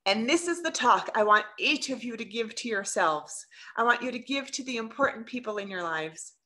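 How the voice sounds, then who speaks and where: A middle-aged woman, a leadership coach, giving an earnest and expressive workshop talk to a group on a video call, asking them questions as she goes. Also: a little high, moderate pace. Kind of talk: live online workshop talk.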